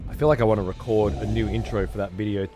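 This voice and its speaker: A man's voice: fairly low pitch, background noise. A man streaming a game live, rambling, swearing a lot and chatting to his viewers. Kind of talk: live gameplay commentary.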